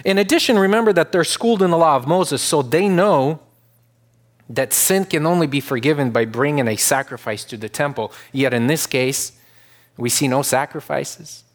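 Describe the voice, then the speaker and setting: A man preaching a sermon to his church, earnest, repeating himself as he builds to loud, emphatic peaks. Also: on the high side, normal speed. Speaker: pastor.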